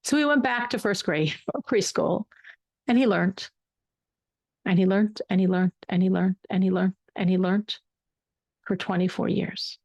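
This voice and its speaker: A woman's voice: mid-range voice, measured pace, gravelly, darkish tone, dry recording. A woman teaching a Torah class, telling a story with emphatic repetition. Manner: emphatic, repeats words for weight.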